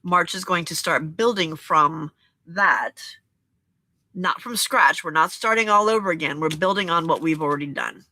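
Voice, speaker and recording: A woman hosting a journaling and crafting challenge, talking to viewers in a gentle, encouraging, reflective way and often checking in with "okay?". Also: low-pitched, animated, moderate pace, dry recording. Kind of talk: reflective casual talk to viewers.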